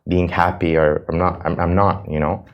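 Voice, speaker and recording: An American man with a low, deep voice talks in an interview. He speaks earnestly and with passion, stumbling and restarting as he works through what he feels. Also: flat delivery, moderate pace, dull audio. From United States. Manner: earnest and impassioned, with frequent restarts. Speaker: interview guest. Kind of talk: emotional interview talk.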